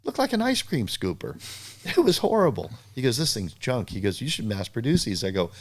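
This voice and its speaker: A man's voice: medium pitch, brisk. An older man, a surfboard shaper, animatedly telling stories in a casual interview and acting out other people's lines. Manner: animated storyteller who acts out other people's lines with a raised voice.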